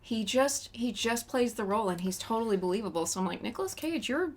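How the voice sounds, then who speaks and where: Woman co-host, casual podcast movie chat, lively and laughing. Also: medium pitch, quick pace. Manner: chatty, animated, laughs often.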